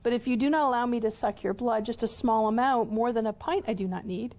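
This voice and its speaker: A woman's voice: fairly high pitch, fast, darkish tone, close to an everyday voice. A woman voicing a polite, pleading male vampire as she reads a novel aloud, with formal, stiff phrasing.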